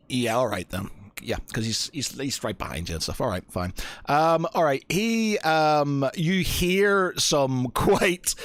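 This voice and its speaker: Slow, hesitant man running a tabletop game. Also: mid-range voice, a bit bright, no echo. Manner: hesitant, full of fillers and restarts. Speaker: game master.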